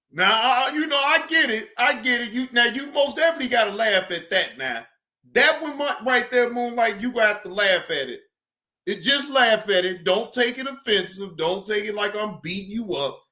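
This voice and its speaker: A man hosting a livestream, giving casual reaction commentary in an animated, repetitive, teasing way. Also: sits high, normal speed. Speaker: livestream host.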